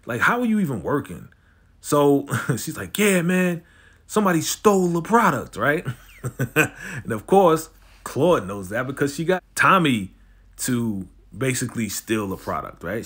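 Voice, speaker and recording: A man hosts a casual, slangy recap of a TV episode and acts out the characters' lines along the way. His voice is bright and forceful. His pitch moves a lot, rising and falling as he tells the story. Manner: animated slangy retelling, acting out characters' lines.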